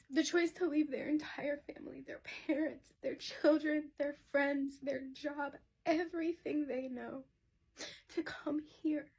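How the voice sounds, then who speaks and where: A woman's voice: high voice, a little mellow. A woman speaking in an impassioned, swearing opinion video, nearing tears.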